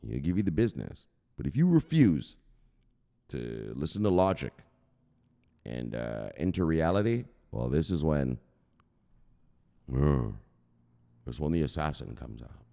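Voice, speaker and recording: A man's voice: extremely low pitch, big pitch swings, unhurried, creaky, long pauses, warm tone, long reverb tail. A man hosting a crypto news channel, rambling and joking with plenty of swearing. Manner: profane, rambling, jokey. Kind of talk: casual joking monologue.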